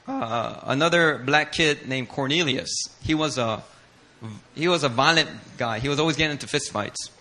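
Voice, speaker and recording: Telling stories in his sermon, a Korean-speaking male pastor, for whom Korean is his first language, gets lively, putting on voices and frequently laughing. His voice is a little high.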